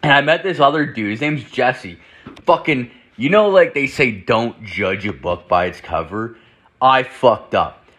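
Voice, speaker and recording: A man's voice: mid-range voice, animated, measured pace, fairly bright tone. A young man hosting a podcast, telling a rambling story full of swearing and "like" fillers. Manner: profane, rambling, heavy on "like" fillers. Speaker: podcast host. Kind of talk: casual storytelling.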